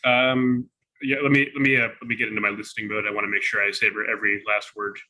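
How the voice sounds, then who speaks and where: A man with a sharp, bright voice talks quickly, teasing the hosts in casual podcast chat. He doubles up his words as he rushes along, and his voice has a husky edge. The sound is dry and close, as if over a remote call. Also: fairly low pitch, flat delivery, poor audio. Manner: playful, teasing, repeats words. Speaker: chef guest.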